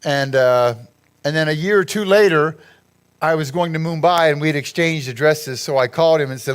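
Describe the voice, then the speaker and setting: A man speaks to a church group in a fairly high voice, telling loose, rambling stories as he clicks through a slideshow. He laughs at his own jokes and talks in an easy, conversational way. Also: normal speed, clean tone. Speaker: guest speaker at a church gathering. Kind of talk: anecdotal talk over a slideshow.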